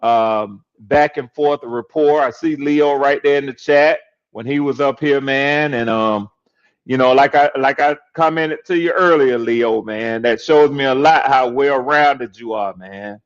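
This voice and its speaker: A man's voice: mid-range voice, measured pace, highs cut off. An older man talking casually on a podcast panel, laid-back and drawling, often saying "yes, sir.". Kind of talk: casual chat.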